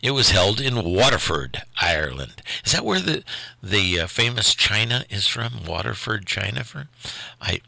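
Older guy from ohio running a local radio swap show, rambling and chatty, bright punchy voice, super dry. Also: lowish voice, sing-song, normal speed, vocal fry, dry recording. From Ohio, USA. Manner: rambling, chatty, self-deprecating. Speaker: radio call-in show host. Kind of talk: casual radio chat.

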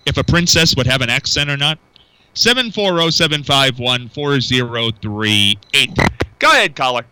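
Chatty bright-voiced male radio host. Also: medium pitch, expressive, moderate pace, clear, resonant tone, dry recording, rough recording. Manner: chatty, rambling with fillers, repeats phone number. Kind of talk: casual call-in radio talk.

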